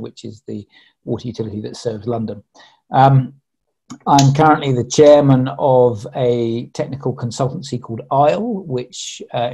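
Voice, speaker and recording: Genial husky-voiced middle-aged man. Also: medium pitch, warm tone, poor audio. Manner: genial, self-deprecating, with fillers. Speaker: investor panelist. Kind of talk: self-introduction on a video call. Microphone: video call.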